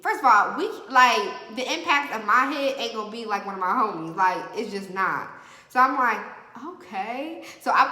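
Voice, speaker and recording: A young woman tells a makeup-chair storytime in a bright, forceful voice that sits a bit high. She talks in slang and slips into lively quoted voices. The room is echoey, with a long reverb tail. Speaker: vlogger. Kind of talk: casual storytime while doing makeup.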